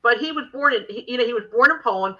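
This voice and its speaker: An older woman hosting a podcast, telling stories in a brash, animated way and acting out the quotes in casual chat. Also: fairly high pitch, rapid-fire, muffled recording. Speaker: podcast host.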